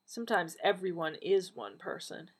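A woman voicing the Doctor, a weary, dry-witted alien time traveller man, speaking gently in a lowish, husky voice. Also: normal speed.

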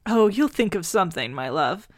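A brisk, affectionate time-travelling woman with a quick, fond way of speaking, as a woman reader plays her. Her voice is fairly low for a woman, and it sounds close and dry. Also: big pitch swings, dry recording.

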